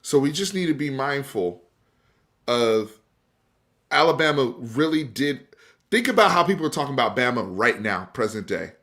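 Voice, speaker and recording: With lively intonation, a fairly bright tone, medium pitch and normal speed, this sports talk show host leads a casual live-streamed debate. He's emphatic and conversational with his viewers, and gets so fired up that he restarts and repeats words.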